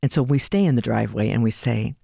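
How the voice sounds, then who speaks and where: A woman speaking as a guest in an interview, an animated storyteller who acts out quoted dialogue. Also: a bass voice, fast talker, gravelly, no echo, studio quality. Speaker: hospice and palliative care advocate. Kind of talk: interview conversation.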